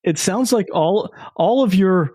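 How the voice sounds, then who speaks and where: A male podcast host asks curious follow-up questions in a slightly high voice. His pitch rises and falls a lot. The sound is dry and close. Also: animated, unhurried, mellow, breathy edge, no echo. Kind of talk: interview questions.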